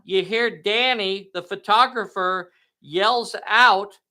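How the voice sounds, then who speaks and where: A man's voice: high voice, takes it slowly, bright, forceful tone. A man hosting and narrating a live tabletop game in a folksy, enthusiastic way, talking to viewers. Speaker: game master and host.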